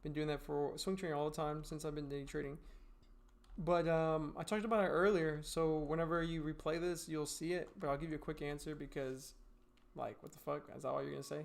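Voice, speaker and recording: A man's voice: fairly high pitch, steady tone, a little fast, vocal fry. A man streaming while gaming, chatting casually with viewers, swearing, laughing, and giving blunt trading advice. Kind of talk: casual livestream chat answering viewer questions.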